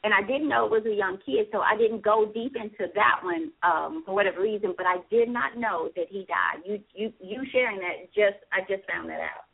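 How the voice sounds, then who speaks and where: A woman's voice: mid-range voice, brisk, vocal fry, hardly any pauses, breathy edge. A woman hosting a talk radio show, thinking aloud with frequent restarts. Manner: hesitant, restarts often while thinking aloud. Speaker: host. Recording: tinny phone line.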